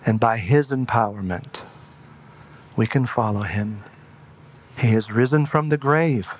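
A man's voice: medium pitch, slight background noise. Earnest man preaching a sermon. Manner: earnest storytelling, halting with fillers in personal stories. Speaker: pastor.

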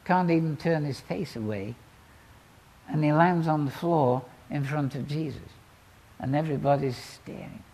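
Gravelly husky guy preaching, big dramatic swings loud to soft. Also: on the high side, moderate pace. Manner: dramatic storytelling, swinging between loud exclamations and quiet asides. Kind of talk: sermon.

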